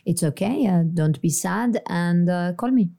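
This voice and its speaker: A woman's voice: lowish voice, a little slow, creaky, dark tone. A woman playing a boastful, flirtatious French woman with a French accent, scornful toward her rivals in an improvised comedy podcast. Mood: smug. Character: boastful French woman debating about romance.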